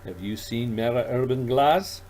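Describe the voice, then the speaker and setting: A man's voice: mid-range voice, measured pace, a little hiss or hum, natural voice. A man voicing an eccentric old male alien shopkeeper who mutters to himself and rambles. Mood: longing. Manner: dithering, excitable, childlike. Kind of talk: audiobook character voice.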